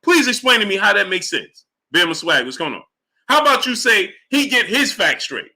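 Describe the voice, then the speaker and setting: Bright-voiced exasperated male stream host. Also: big pitch swings, normal speed. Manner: exasperated, rhetorical, repeats himself; drops to low mutter greeting chatters. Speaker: sports livestream host. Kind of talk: live stream commentary, reading chat.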